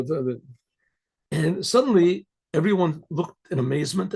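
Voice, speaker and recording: A man, a rabbi, telling a story in a casual, halting way, repeating words and often clearing his throat. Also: on the high side, a little mellow.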